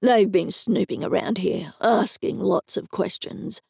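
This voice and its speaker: Aussie lady reading a grumpy builder guy, low-key and gravelly, muted. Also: unhurried, darkish tone, no echo, studio quality, full character voice. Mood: irritable. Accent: Australian. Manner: gruff, irritable. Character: gruff grumpy male builder, middle-aged.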